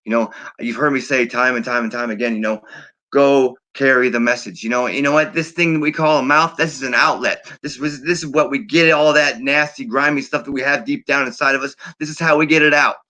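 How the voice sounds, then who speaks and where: A man with a bright, forward voice hosts a recovery livestream, talking straight to his viewers. He encourages them over and over and reads names off a fast-moving chat, stumbling now and then as he goes. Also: mid-range voice, fairly even intonation. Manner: warm, repetitive, encouraging, reading names off a fast chat feed. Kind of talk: heartfelt livestream sign-off and shout-outs.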